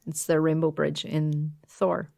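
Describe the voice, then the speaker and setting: Podcast co-host, woman, lowish voice, rambling casual delivery. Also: level tone, unhurried, vocal fry, mellow. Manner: rambling, heavy use of "like". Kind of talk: casual chat.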